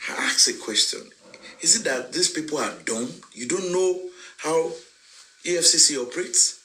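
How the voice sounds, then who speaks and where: A man's voice: on the high side, expressive, normal speed, bright, forceful tone, low-quality recording. A man with a Nigerian accent giving an impassioned address, switching between English, Yoruba and pidgin and growing emphatic. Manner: mixes English, Yoruba and pidgin, emphatic and rising when indignant. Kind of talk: impassioned live-stream address.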